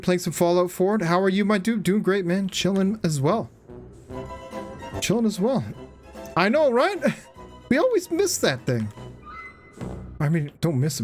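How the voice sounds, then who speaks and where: A man streaming a video game in casual chat, reacting out loud and swearing freely as he talks with viewers. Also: high voice. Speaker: gaming streamer.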